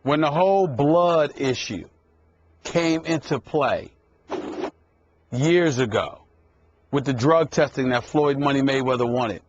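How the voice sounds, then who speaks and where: Emphatic, repetitive sports debate host. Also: male voice, mid-range voice, slow, long pauses, highs cut off, a little hiss or hum. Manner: emphatic, repeats himself for emphasis, cuts in.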